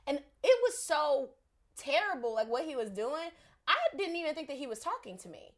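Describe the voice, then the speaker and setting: Woman host, lively storyteller, slightly high voice, swinging pitch. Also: normal speed. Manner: animated, acts out voices in her story. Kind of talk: casual storytelling chat.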